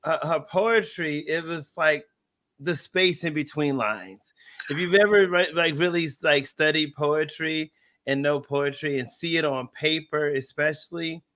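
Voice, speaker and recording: Bright, chatty man hosting a video-call interview. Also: fairly high pitch, measured pace. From Texas. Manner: chatty, laughing, storytelling. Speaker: host. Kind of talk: casual live interview.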